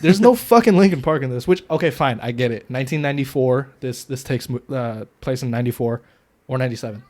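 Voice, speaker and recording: Young male podcast co-host, loose and profane, bursts of loud excitement over a mid-pitched voice. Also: fast. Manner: loose and profane, gets loud when worked up. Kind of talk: casual movie review chat.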